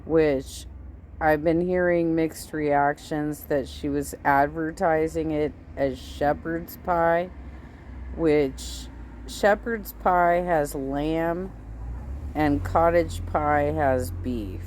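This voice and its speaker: Woman in her fifties, reaction host, low voice, unhurried, blunt and sarcastic, faint hiss behind. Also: a little mellow. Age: 50s. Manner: blunt, sarcastic, swears freely. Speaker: commentary host. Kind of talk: casual reaction commentary.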